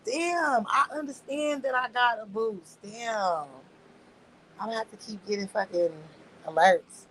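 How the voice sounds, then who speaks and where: A young woman chats on a home livestream at an unhurried, drawling pace. Her talk is relaxed and full of slang, and she keeps answering her viewers directly. She sounds like she is talking into a phone mic. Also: fairly high pitch, a little hiss or hum, rough recording. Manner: laid-back, slangy, talks back to chat with laughs. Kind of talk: casual livestream chat.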